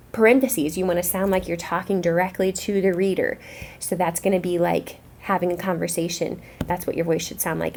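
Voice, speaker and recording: A woman teacher speaking to young students, explaining a reading lesson in a clear, encouraging classroom way. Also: fairly low pitch, darkish tone.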